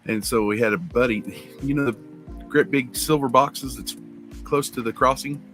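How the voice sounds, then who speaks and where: A man's voice: mid-range voice, normal speed, fairly bright tone. Man, casual co-host, loose storyteller with a light laugh, faint music bed. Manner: rambling storyteller, laughs at his own stories. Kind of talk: casual chat.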